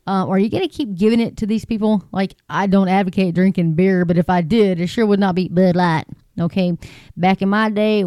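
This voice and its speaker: A woman's voice: medium pitch, a little mellow, clean tone, dry recording. A woman hosting her own podcast, talking off the cuff in a rambling, chatty way with restarts and asides. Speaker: podcast host. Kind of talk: casual solo podcast commentary. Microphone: podcasting microphone.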